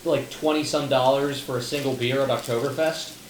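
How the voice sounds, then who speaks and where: A man's voice: mid-range voice, steady tone, a little fast. A young man co-hosting a casual podcast chat, rambling through stories, swearing and laughing often. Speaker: podcast co-host. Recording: roomy echo, faint room noise.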